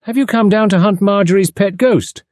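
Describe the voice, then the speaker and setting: Audiobook girl: male narrator does a drawling, easygoing young woman, high and dry. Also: normal speed, darkish tone, dry recording, lightly acted. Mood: teasing. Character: lounging young woman, easy and teasing.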